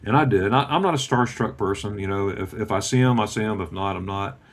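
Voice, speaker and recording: A man in his fifties telling a casual travel story on a video call, acting out the dialogue as he goes. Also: fast talker. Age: 50s. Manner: animated, acts out dialogue with lively pitch swings.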